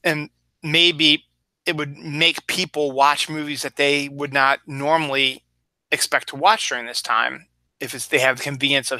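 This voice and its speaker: A man's voice: on the high side, flat delivery, normal speed, pushed and bright, no echo. A man hosting his own show in a loose, rambling solo chat, acting out little asides as he goes. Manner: rambling, chatty, acts out little quoted asides. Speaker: podcast host.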